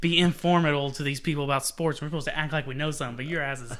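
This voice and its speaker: A young man co-hosting a casual sports podcast, telling stories in a profane, animated way and mimicking other people. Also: fairly high pitch, racing. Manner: profane, animated storytelling with mocking voices. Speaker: podcast co-host.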